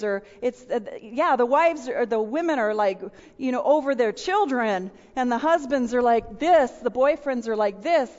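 A middle-aged woman giving a storytelling sermon to a room of listeners, animated and acting out voices and sound effects. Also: fairly high pitch. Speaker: women's speaker. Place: large room with audience. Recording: dull, with long hall reverb.

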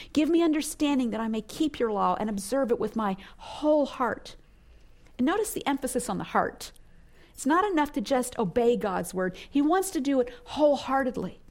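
A woman hosting a radio Bible teaching, speaking earnestly and reflectively and rising to emphatic bursts when she quotes scripture. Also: a little high.

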